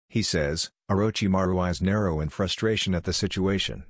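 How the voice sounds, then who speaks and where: Deep male reader for fan fiction, flat and steady, no room sound. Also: normal speed, hardly any pauses, slightly rough, dry recording, clean studio sound. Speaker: narrator. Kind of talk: fan fiction read-aloud narration.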